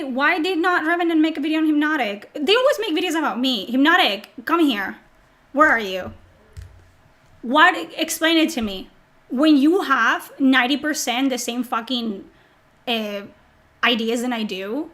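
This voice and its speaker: A woman with a fairly high voice hosts her live stream while sick. She reads chat aloud and answers it in a mocking, sarcastic way, swearing freely as she talks. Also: a bit bright.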